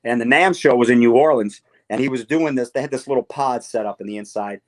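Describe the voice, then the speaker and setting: A man guest telling a lively story in a casual interview, acting out quoted lines. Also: medium pitch, fast. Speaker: guitarist guest.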